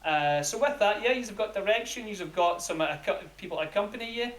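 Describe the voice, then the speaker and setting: Brief: mid-pitched game master narrating a tabletop game, loose and rambling. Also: lively intonation, fast talker, fairly bright tone, roomy sound, rough recording. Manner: rambling narration with fillers and laughs.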